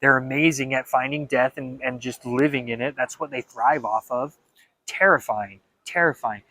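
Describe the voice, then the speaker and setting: A young man talking in a casual vlog monologue, animated and dramatic, with frequent stammered restarts. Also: medium pitch, normal speed. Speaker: vlogger.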